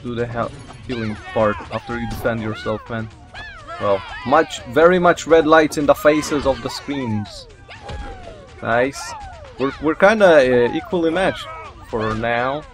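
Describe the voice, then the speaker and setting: An excitable man narrates his gameplay in a casual let's-play style, with a mid-range voice. He scolds and cheers the characters on screen and curses mildly. He laughs often at his own slips. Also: mid-range voice, a little slow, soft background music. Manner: excitable, talks to the game characters, mild swearing, laughs at himself.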